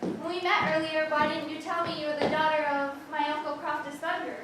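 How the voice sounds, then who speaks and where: A woman's voice: sits high, level tone, a little fast. A young woman acting the lead in a school stage play, talking theatrically. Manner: theatrical, exclaiming. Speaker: student actor playing Kate. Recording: echoey hall, far from mic, noisy.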